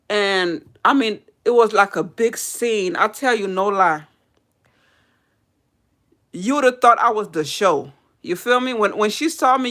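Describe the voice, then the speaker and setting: A woman's voice: medium pitch, sharp tone. A woman hairdresser telling a personal story in a casual, candid way to a live audience, laughing and swearing as she goes.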